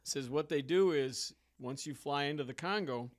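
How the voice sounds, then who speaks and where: A man's voice: on the high side, moderate pace. A man, a ferry pilot, telling stories in a casual interview, acting out the people in them and laughing often. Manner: animated storyteller, acts out dialogue, laughs often.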